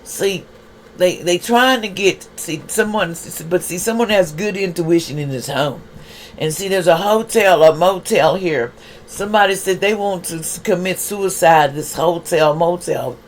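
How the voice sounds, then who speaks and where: A man's voice: sits high, measured pace, slight background noise. A man giving a casual tarot reading for viewers, talking in a streetwise way and firing off rhetorical questions. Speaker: tarot reader.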